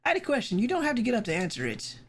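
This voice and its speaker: A woman's voice: fairly high pitch, huge pitch swings, racing, husky. A woman streaming a video game, chatting casually with wry, self-interrupting asides. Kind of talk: casual live-stream commentary.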